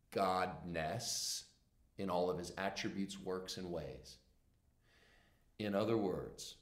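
A man preaching a sermon, swinging from hushed, intense passages to loud, emphatic ones, with casual conversational asides. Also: deep voice, reverberant. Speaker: pastor.

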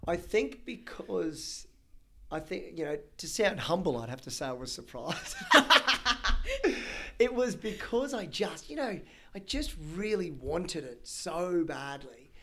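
A man in his thirties with an Australian accent, a chatty, energetic auctioneer telling stories in a podcast interview. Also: on the high side, unhurried. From Brisbane, Australia. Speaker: auctioneer guest.

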